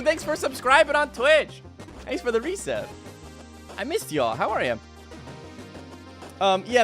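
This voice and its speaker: Greeting people in chat by name, a man in his twenties talks casually with his livestream viewers. His voice is fairly high, and he comes across as energetic and jokey.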